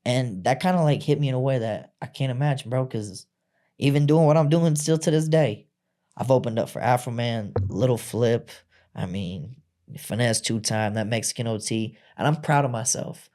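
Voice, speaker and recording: A man's voice: mid-range voice, moderate pace, dark tone. A man on a podcast as a guest, telling his own story candidly in blunt, profane everyday speech. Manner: blunt and profane, acts out quoted voices.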